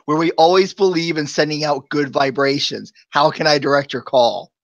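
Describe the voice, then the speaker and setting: A man's voice: a little high, steady tone, normal speed, no echo, muffled recording. A man chatting casually on a live show, telling long rambling stories and chuckling often.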